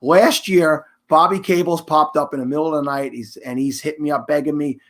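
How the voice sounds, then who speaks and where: A man's voice: fairly high pitch, steady tone, a little fast. Chatty man hosting a live stream. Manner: chatty and emphatic, with frequent restarts and shout-outs. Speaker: host of a live charity stream. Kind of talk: casual live-stream announcements.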